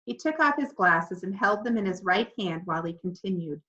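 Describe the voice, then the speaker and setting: A woman reads a children's storybook aloud with clear, expressive storytelling. Her voice sits at a middle pitch, and the recording sounds slightly dull and lo-fi. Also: fairly quick, few pauses. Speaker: audiobook narrator.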